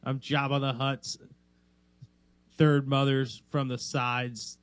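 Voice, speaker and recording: A young man co-hosts a podcast, riffing through silly tangents in a loose, rambling way. His voice is mid-pitched and plain, captured close and dry with no echo. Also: little pitch movement, slow pace, fairly bright tone, clear, resonant tone. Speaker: podcast co-host. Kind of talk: casual chat.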